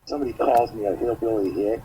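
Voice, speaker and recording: A man calling in as a guest over an internet call, bragging loudly about being a redneck in casual podcast banter. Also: on the low side, fast talker, slight background noise, low-quality recording. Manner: boastful, rowdy self-styled redneck.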